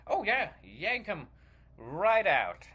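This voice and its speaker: Brief: pompous famous actor with a British accent, put on by a man, patronizing, animated delivery. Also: high voice, takes it slowly, slightly rough, voice pushed up, exaggerated voice. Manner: grand and patronizing, calls others 'dear fellow' and 'chap'. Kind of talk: comedy sketch.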